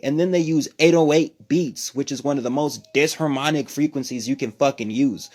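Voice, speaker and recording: A man from New Mexico hosting a casual livestream from home, talking in a profane, rambling, animated way. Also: mid-range voice. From New Mexico, USA. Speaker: livestream host.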